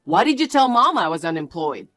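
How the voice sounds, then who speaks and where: A woman's voice: fairly low pitch, very animated, fairly quick, fairly bright tone, no room sound, soft background music. A woman voicing a defensive jobless fiancé. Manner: defensive and bossy. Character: irritable young adult man, a jobless fiancé. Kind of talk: storytelling with acted dialogue.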